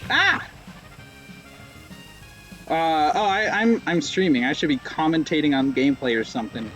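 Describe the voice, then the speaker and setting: A young male streamer talks through a racing game in a slightly high voice. He rambles, mocks himself and lets out sudden yelps, with faint game music in the background. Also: fairly quick. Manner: rambling, self-mocking jokes, sudden yelps. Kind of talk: live gameplay commentary.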